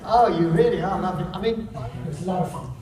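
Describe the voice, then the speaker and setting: Older English comedian, high-pitched, chatty asides to the crowd, recorded far off in an echoey hall. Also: male voice, expressive, fast, background noise. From England. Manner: chatty, teasing asides to the audience. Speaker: comedian and after-dinner speaker. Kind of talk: stand-up storytelling.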